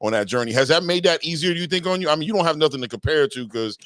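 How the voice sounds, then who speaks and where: A man's voice: on the high side, expressive, rapid-fire, a bit bright, dry recording. Rambling male interviewer, dry sound. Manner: rambling, restarts questions. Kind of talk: casual interview.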